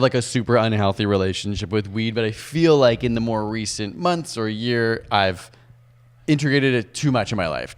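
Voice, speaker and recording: A man co-hosting a podcast, talking casually and thoughtfully with many fillers. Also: medium pitch. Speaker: podcast co-host. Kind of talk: casual chat.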